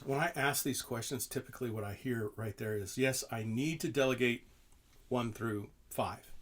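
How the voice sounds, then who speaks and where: Emphatic storytelling male leadership coach. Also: medium pitch. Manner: casual, storytelling, emphatic, laughs often. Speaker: leadership coach and podcast host. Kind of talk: motivational podcast talk.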